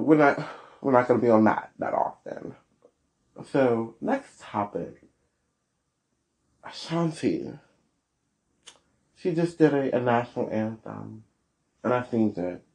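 A man hosting a solo podcast, giving blunt, sassy opinions with big swings in pitch. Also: mellow. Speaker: podcast host.

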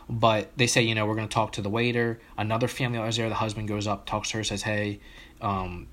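A man's voice: on the low side, fairly bright tone, a little hiss or hum. A man telling a long story in casual chat among friends on a podcast, with frequent restarts and fillers.

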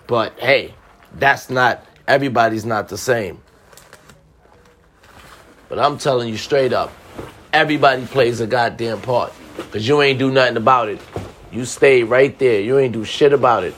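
A man's voice: medium pitch, normal speed, long pauses, fairly bright tone. A man giving relationship advice in a blunt, profane casual monologue, repeating lines for emphasis.

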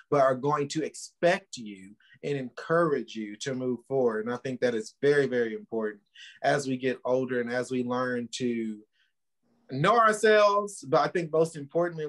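A man co-hosting a casual podcast, speaking in an emphatic, motivational way and laughing easily. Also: medium pitch. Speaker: podcast co-host.

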